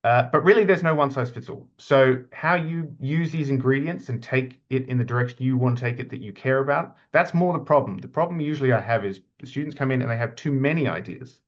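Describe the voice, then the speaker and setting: Male academic, middle-aged, casual webinar delivery, mid pitch, slightly dull call audio. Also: a little fast, hardly any pauses. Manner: chatty, many fillers and restarts. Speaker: university academic lead presenting a webinar. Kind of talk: informal slide presentation.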